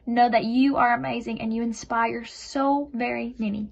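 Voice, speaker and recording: A woman's voice: fairly high pitch, fairly even intonation, normal speed, gravelly, lo-fi sound. A woman giving an earnest, emotional, faith-filled video tribute to her team leader. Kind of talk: heartfelt recorded message.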